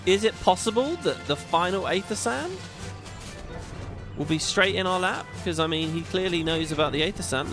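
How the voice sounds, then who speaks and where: Animated man rambling over game music. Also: high-pitched, normal speed. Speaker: gaming video host. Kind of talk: playthrough commentary.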